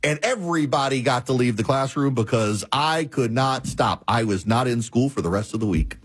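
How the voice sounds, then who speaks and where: A male talk show host telling a story and giving commentary in a measured, repetitive cadence. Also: medium pitch, lively intonation, slightly rough, no room sound.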